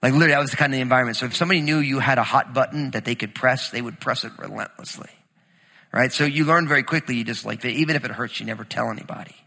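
Animated New pastor preaching in a hall. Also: male voice, mid-range voice, rapid-fire, vocal fry. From New Jersey. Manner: animated, storytelling, shifts between quiet scripture reading and emphatic teaching. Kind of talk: sermon.

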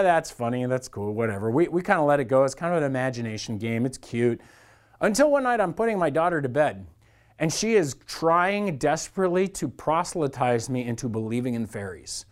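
A man preaching a sermon as a church pastor, talking to the congregation in an earnest, conversational way. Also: fairly high pitch.

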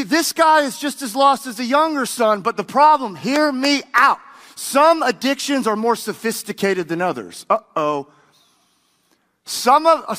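With an extremely high, fairly bright voice, a pastor delivers an emphatic sermon in a church sanctuary and has the congregation echo his words. The long reverb of a large hall fills the recording.

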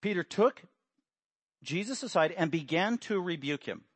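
A man preaching a sermon, animated, acting out quotes with sudden loud emphasis. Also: high voice, normal speed, slightly rough, no room sound. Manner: acts out quotes with raised voice.

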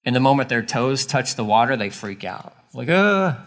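A man's voice: medium pitch, steady tone, a little fast. A man giving a sermon as a pastor, casual and emphatic, repeating key lines for weight.

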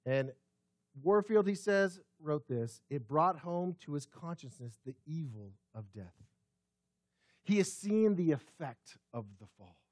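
A man preaching a sermon in a church, swinging from loud emphasis to hushed tones and slowing down to read scripture aloud. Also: fairly high pitch, expressive, no echo, clean studio sound. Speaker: pastor.

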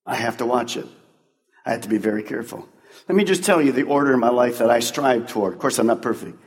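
A man's voice: mid-range voice, expressive, fast talker. A male pastor preaching to his congregation in an emphatic, conversational style full of rhetorical questions. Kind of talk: sermon. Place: large church sanctuary. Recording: long church-hall reverb.

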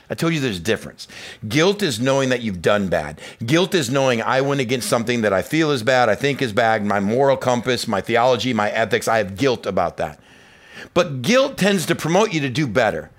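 A man preaching a sermon to his church, moving between quiet, low asides and loud, rising passages, and acting out inner voices and quoted speakers. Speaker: pastor.

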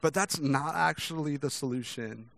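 A young man preaching a sermon in a casual, conversational way, often stumbling over restarts and checking in with "right?", and acting out quoted voices with big jumps in pitch. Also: normal speed, vocal fry, no room sound. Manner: conversational, many restarts and "right?" tag questions; acts out quoted voices with sharp rises in pitch and volume. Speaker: pastor.

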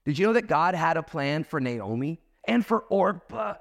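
A man's voice: on the high side, big pitch swings, normal speed, vocal fry, no room sound, studio quality. Conversational, emphatic male pastor preaching. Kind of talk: sermon. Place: church service.

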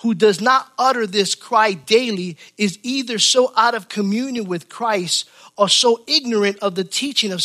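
A male preacher with a high, bright voice delivers a sermon. He preaches with passion, repeating phrases and moving between raised cries and soft, low passages. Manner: impassioned, repeats phrases, swings between loud and hushed.

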